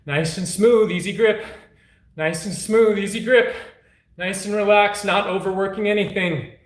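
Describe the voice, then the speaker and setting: A high-voiced man runs a live workout stream, joking and swearing between sets. He slows down to give soothing cues on grip and balance. The sound bounces around an echoey room. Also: fairly even intonation. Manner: hyped, joking, profane coaching chatter. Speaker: fitness streamer. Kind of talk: casual live workout chat.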